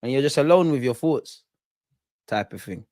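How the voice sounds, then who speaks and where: A young man hosting a live football watch-along, chatting casually, reacting to play and reading out comments, sometimes muttering and sometimes shouting at the referee. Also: medium pitch, normal speed, dry recording, studio quality. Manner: animated, swings from muttering to shouting at the ref.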